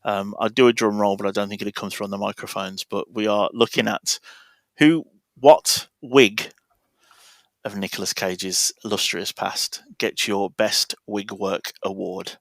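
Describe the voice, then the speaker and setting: A man's voice: lowish voice, steady tone, measured pace, gravelly, no echo. A man hosting a casual podcast, playfully quizzing his co-hosts one by one for an awards segment.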